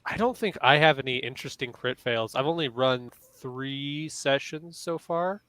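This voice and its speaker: A man's voice: mid-range voice, moderate pace, pushed and bright, dry recording, low-quality recording. A man moderating a casual panel as a game master, explaining rules while thinking aloud.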